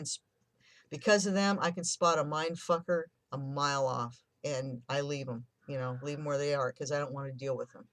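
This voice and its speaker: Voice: mid-range voice, no room sound. A person in their fifties telling a painful childhood story candidly and emotionally, swearing now and then. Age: 50s. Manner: candid and emotional, swears, acts out remembered quotes. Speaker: vlogger sharing a personal story.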